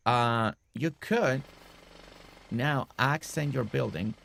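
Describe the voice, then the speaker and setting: A man's voice: medium pitch, slow, vocal fry, a bit bright. A man streaming a game, casually talking through a building tutorial step by step and often checking in with "right?".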